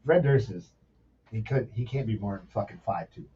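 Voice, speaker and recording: On a casual podcast, this former sous chef in his forties speaks at a normal speed in a lowish voice, spinning animated, swear-laden, meandering tales. Faint background noise sits under the dull, lo-fi audio from a distant mic.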